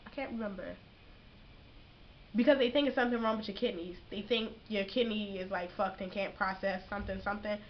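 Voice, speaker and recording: Young woman, casual vlogger; profane, slangy, animated; dull lo-fi audio. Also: medium pitch, a little fast, a little hiss or hum. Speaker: vlogger giving boot camp advice. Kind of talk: casual advice vlog.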